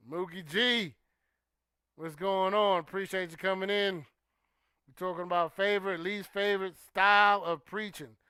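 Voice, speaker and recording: A man hosting a relaxed livestream talk show who greets viewers and reads their comments, talking loosely with plenty of "you know" and "um". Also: high-pitched, unhurried, long pauses, smooth, no echo. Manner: relaxed and conversational, with frequent "you know" and "um", trailing off quietly. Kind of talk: casual chat, reading and answering viewer comments.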